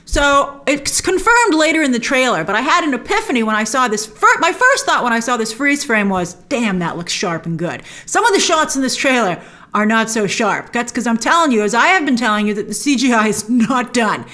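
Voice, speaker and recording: Animated woman host breaking down a trailer. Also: on the high side, a little fast. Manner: chatty and opinionated, with excited asides.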